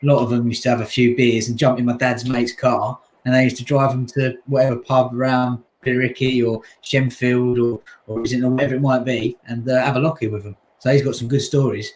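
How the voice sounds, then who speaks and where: A man's voice: medium pitch, flat delivery, brisk, few pauses, a crowd in the background, poor audio. A man, a podcast guest chatting easily and sharing anecdotes. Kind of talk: casual chat. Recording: faint background noise.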